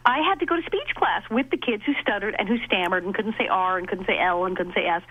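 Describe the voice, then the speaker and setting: A middle-aged woman, an actress and comedian, telling stories in an interview, animated and laughing as she acts out quoted lines. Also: medium pitch, quick pace. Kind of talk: casual interview storytelling. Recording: dull lo-fi audio.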